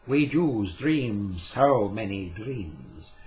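A man's voice: lowish voice, big pitch swings, drawn-out words, a little mellow, slight background noise, exaggerated voice. A man voicing a proud, bitter medieval scholar who declaims in a ringing, grand way, in a storybook reading.

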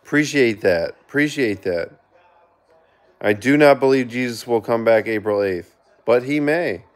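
Earnest young-sounding male streamer. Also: mid-range voice. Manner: reads chat aloud and gives quick shout-outs; earnest, with sudden excited outbursts. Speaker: livestreamer reading viewer chat. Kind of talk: casual live-stream chat.

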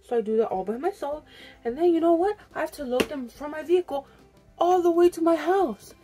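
A woman's voice: high-pitched, a little fast, warm tone, soft background music. A young woman vlogging at home, rambling through an exasperated story and swearing freely while she gets ready. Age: young adult. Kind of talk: casual get-ready-with-me vlog chat. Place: home, indoors.

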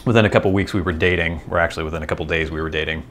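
A man's voice: deep voice, fairly even intonation, very fast, fairly bright tone, slight background noise. A man hosting a vlog, thinking aloud in a casual, rambling monologue with self-deprecating asides. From United States. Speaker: vlog host.

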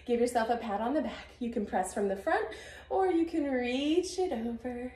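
A high-voiced woman in her thirties leads a low-impact arm workout, upbeat and encouraging as she counts through the reps. She sounds a little out of breath. Her voice rings in the echo of a home garage. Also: expressive, normal speed, mellow. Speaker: fitness instructor. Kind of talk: guided workout instruction. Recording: echoey garage.

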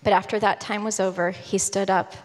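A woman's voice: medium pitch, little pitch movement, a little fast. A woman preaching a sermon in a church, telling the story in a casual, conversational way. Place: church sanctuary. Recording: long hall reverb in a church.

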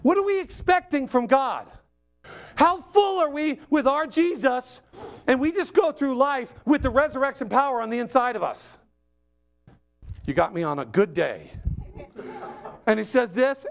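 High-voiced, animated joking preacher man. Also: measured pace, vocal fry, pauses often. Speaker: guest preacher. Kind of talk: sermon.

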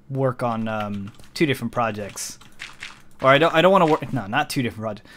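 A man's voice: mid-range voice, fairly bright tone, a little hiss or hum. A man talking casually while playing a game, rambling and correcting himself as he goes. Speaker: let's play host. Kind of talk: casual gameplay commentary.

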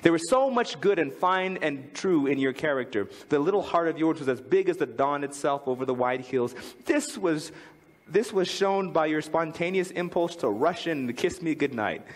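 A man preaching a sermon as pastor, telling a family story and reading a poem aloud with big swings in tone. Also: in a large hall. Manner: lively, swings from high to low when reading aloud. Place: church.

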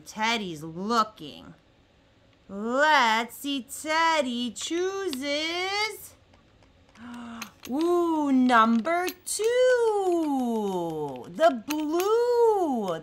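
Slow sing-song young woman teaching toddlers. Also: high-pitched, a bit bright, slight background noise. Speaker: children's educator. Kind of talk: teaching toddlers through toy play.

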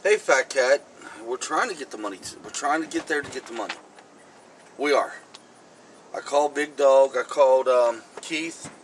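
A man's voice: mid-range voice, a bit bright, a little hiss or hum, poor audio. A man hosting a comic vlog skit, rambling and acting out phone calls. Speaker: comedy vlog host.

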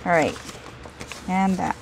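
A woman with a lowish, slow, creaky voice hosts a casual crafting video, chatting as she works and making self-deprecating jokes to herself. The recording is low quality, with slight background noise.

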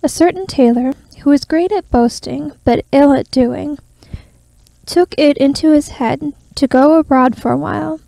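A woman gently reading a fairy tale aloud in a soft ASMR style, close to the microphone, partly whispered. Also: sits high, measured pace, creaky, no echo, low-quality recording. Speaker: ASMR storyteller.

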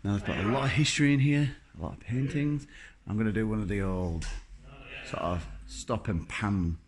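A man's voice: on the low side, moderate pace, crowd noise, poor audio. A man, chatting wryly and self-mockingly as he films a walk-through tour. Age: 30s. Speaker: vlogger touring a building. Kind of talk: casual walk-through commentary. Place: large empty indoor building.

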